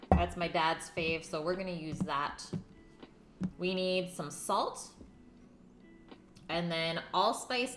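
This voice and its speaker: Her voice is fairly low and fairly bright. A young woman hosting a casual live cooking show from her home kitchen, she chats with viewers, reads their names aloud, and eats while talking; the kitchen is echoey, with faint music playing.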